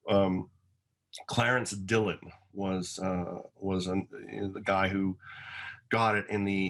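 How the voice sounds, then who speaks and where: A man with a lowish voice co-hosts a casual, informative wine conversation. He speaks modestly and plays down his own expertise. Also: fairly bright tone, rough recording. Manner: modest, self-deprecating. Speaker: wine show co-host. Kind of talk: casual educational wine chat.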